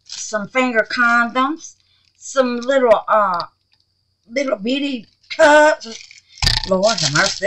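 A woman hosting a casual crafting vlog, chatty and excitable, calling her viewers babies and honey. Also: medium pitch, heavy background noise. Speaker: resin craft channel host.

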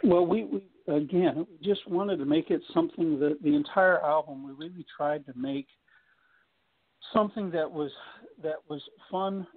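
A man, a country singer, speaking as a guest in a radio phone interview, with a halting delivery full of restarts and fillers. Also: a little high, slightly rough, no room sound. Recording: tinny phone line.

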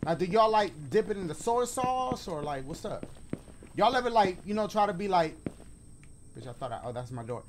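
A man's voice: sits high, big pitch swings, moderate pace, a little hiss or hum. A man doing let's play commentary on a game, slangy and joking, talking to the viewers. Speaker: gaming YouTuber.

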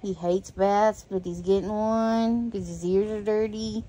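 A woman's voice: medium pitch, steady tone, measured pace, dark tone. A woman filming a casual home vlog, talking baby talk to her dog. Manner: singsong baby talk to a pet. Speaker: vlogger.

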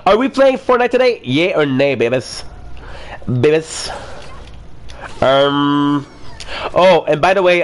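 A man's voice: a little high, expressive, slow, long pauses. Laughing, joking young man chatting online. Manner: joking, laughs often, swears casually. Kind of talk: casual chat with online friends.

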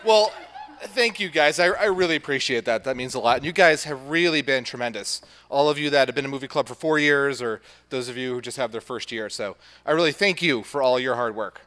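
A man's voice: medium pitch, brisk, bright, forceful tone. A man teacher running a school movie club, giving an earnest, heartfelt award speech. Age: adult.

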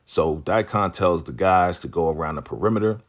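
Male recap host, very deep voice, casual and animated, acts out the characters' quotes. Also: brisk. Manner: animated, acts out characters' lines while retelling, laughs often.

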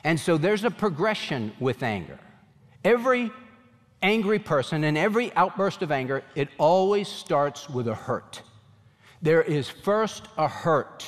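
A pastor preaches with animated conviction, his voice sitting a little high for a man. The sound carries a long reverb from a large hall. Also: unhurried. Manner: animated preaching, voices God's questions to Cain. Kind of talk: sermon.

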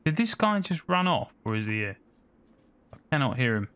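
A man's voice: medium pitch, very animated, normal speed, a bit bright, smooth. A man giving casual gameplay commentary, chatting and muttering to himself as he plays. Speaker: gaming streamer.

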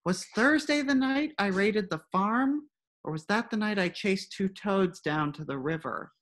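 A woman's voice: medium pitch, measured pace, fairly bright tone, voice pushed up. A woman voicing a dithering male fox who frets and second-guesses himself in a comic satire she reads aloud. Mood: fretful. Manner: fretful, second-guessing inner monologue. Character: dithering male fox fretting over old chicken.

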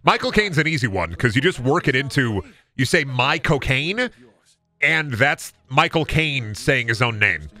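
A man's voice: mid-range voice, big pitch swings, moderate pace, pushed and bright, soft background music. A man casually commenting on his game as a streamer, joking, swearing and riffing on voice impressions.

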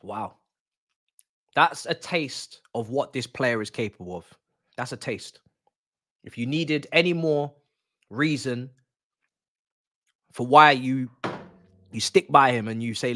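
A young man reacting live during a football watch-along, excitable and slangy, swearing and repeating himself. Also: medium pitch, takes it slowly, pauses often, dry recording, clean studio sound.

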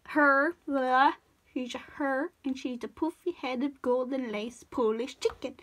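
A woman chatting casually while she draws, rambling off-topic, apologizing and cutting herself off. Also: sits high. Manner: rambling, self-interrupting, apologetic. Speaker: drawing tutorial vlogger.

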